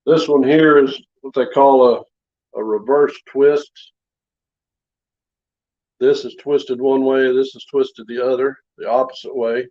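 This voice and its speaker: A man with a steady, darkish mid-range voice takes his time as he shows the knives he forged in his home workshop. His show-and-tell is casual, rambling and down-to-earth, recorded with a slightly dull lo-fi quality.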